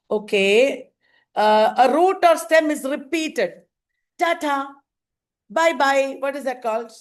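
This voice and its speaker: A woman teacher giving a slow exam revision lecture, repeating terms and quizzing her class. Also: a little high.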